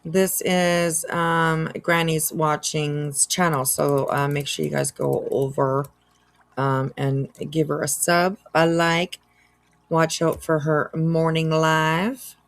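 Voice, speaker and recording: A woman's voice: low-pitched, little pitch movement, slow. A woman hosting a casual reaction livestream, chatty and laughing often as she reads out chat. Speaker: livestream host.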